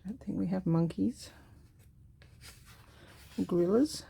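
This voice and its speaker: Woman crafter thinking aloud, husky voice, mellow tone, chatty and unhurried. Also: fairly low pitch. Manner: musing aloud while cutting and gluing, unhurried and chatty. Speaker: craft vlogger. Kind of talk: casual crafting tutorial.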